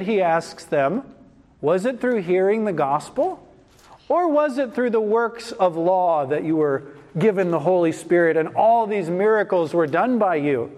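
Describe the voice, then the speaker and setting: A man's voice: sits high, expressive, measured pace, darkish tone. A man preaching a sermon, reading a Bible passage and then commenting on it in an emphatic, dramatic way. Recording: long hall reverb.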